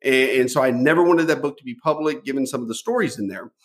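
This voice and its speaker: A middle-aged man appears as a podcast guest in a storytelling interview, animatedly sharing stories from his life. His voice is mid-range and fast, and he often repeats a word as he starts a thought.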